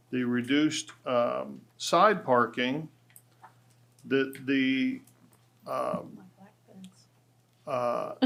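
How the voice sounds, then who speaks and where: A county commissioner, a man, reads out a motion at a slow, unhurried pace. He stops often to fill gaps with ums and uhs. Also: mid-range voice, gravelly, fairly bright tone. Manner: hesitant, many ums. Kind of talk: meeting motion, halting with fillers.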